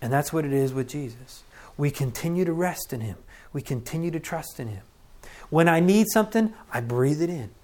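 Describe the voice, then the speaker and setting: A middle-aged man preaching a sermon as pastor, earnest and conversational, acting out deep breaths. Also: expressive, moderate pace, darkish tone.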